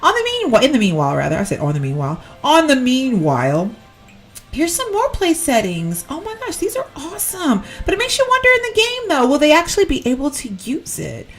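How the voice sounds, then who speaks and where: A woman chats through a game decorating session, her voice bouncing up and down in pitch as she rambles and corrects herself. Faint music plays under her commentary. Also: huge pitch swings, fast, few pauses, fairly bright tone. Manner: chatty, rambling, self-correcting, giggly. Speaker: Sims gameplay YouTuber. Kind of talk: casual gameplay commentary.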